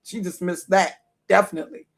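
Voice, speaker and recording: A man's voice: high-pitched, steady tone, a little fast, vocal fry. A man from Chicago talking casually to his audience, rambling, repeating words and laughing often. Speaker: online talk host. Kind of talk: casual monologue.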